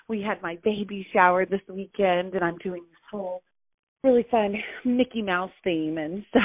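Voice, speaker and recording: A young pregnant woman hosting a casual motivational call, gushing and a little out of breath. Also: lowish voice. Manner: bubbly and gushing, with frequent laughs and fillers. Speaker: host of a weekly motivational call. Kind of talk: casual motivational phone message. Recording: tinny phone line, dry.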